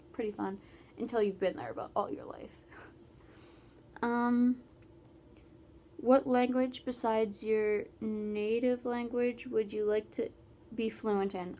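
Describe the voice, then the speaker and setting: A woman's voice: on the high side, a little mellow. A teenage girl from Canada, chatting casually in a Q&A vlog with many "like"s and trailing asides. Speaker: vlogger.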